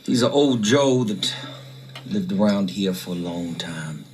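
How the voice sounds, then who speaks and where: A man's voice: sits low, lively intonation, measured pace, a little mellow. An actor playing a pompous, flamboyant male plantation owner with a drawl, in a film. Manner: smug, drawling, theatrical.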